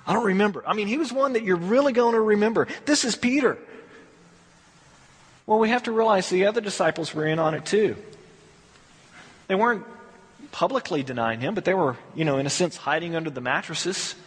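A man's voice: sits high, fairly quick, long pauses, slightly rough, in a large hall. A man preaching a conversational sermon, telling the story and acting out what people say. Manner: conversational storytelling, acts out quotes. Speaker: pastor.

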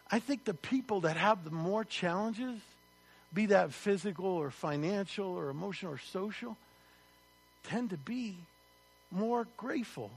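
A man preaching a sermon as pastor, lively and conversational, asking his congregation rhetorical questions. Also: high-pitched.

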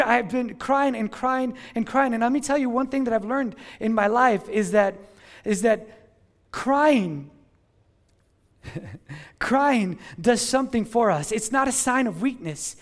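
A middle-aged man with a strikingly high voice delivers an earnest church sermon. He repeats words as he builds a point and keeps asking the congregation to answer back. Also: unhurried. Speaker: pastor.

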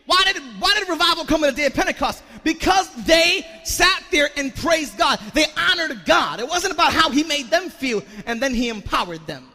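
Man, pastor, very high bright voice, fervent call-and-response preaching, long church reverb. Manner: call-and-response preaching, repeats words, rising to shouts. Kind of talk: sermon. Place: church sanctuary.

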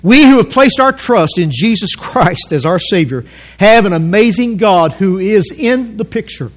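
Man, pastor, high-pitched, emphatic sermon, church auditorium. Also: lively intonation. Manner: emphatic preaching, slows down for quotes and calls the congregation to repeat.

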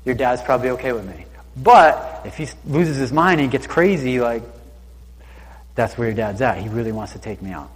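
In a reverberant hall, a man teaches scripture at a moderate pace in a medium-pitched voice with a breathy edge. Each verse gets read out first and then retold in casual, slangy everyday talk.

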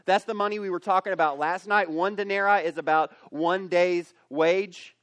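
A man preaching a youth camp sermon, storytelling and acting out characters in an animated way. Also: high-pitched, normal speed, dry recording. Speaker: youth pastor. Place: camp meeting space.

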